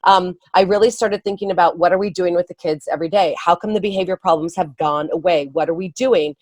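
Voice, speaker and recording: A woman guest, an early education speaker and author, explaining her ideas in a conversational interview with quick laughs and restarts. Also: on the low side, darkish tone, no room sound.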